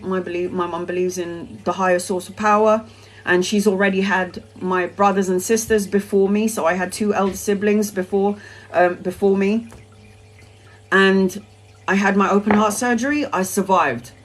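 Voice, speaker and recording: A woman's voice: medium pitch, fairly even intonation, a little slow, low-quality recording. A woman, talking on a live stream in an emphatic, rambling way that is peppered with swearing. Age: 40s. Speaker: tarot reader live streamer.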